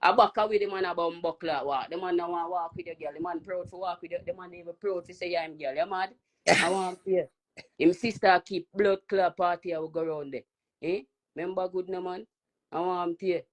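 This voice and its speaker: Jamaican man, loud taunting live-stream rant, repeats himself for effect. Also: sits high, steady tone, fairly quick.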